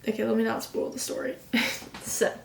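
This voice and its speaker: A woman's voice: on the high side, completely flat delivery, a little fast, gravelly, slight background noise. A young woman in her late teens telling a personal story in an emotional, rambling way, full of "like". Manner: emotional, rambling, heavy use of "like". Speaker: vlogger. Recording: roomy sound from a distant mic.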